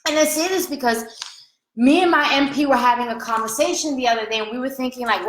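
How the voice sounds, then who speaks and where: A woman's voice: high voice, fast, fairly bright tone, roomy sound, poor audio. A woman coach giving a frank, casual motivational talk to her followers, acting out her own doubts in quoted inner voices. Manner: frank and casual, with occasional swearing.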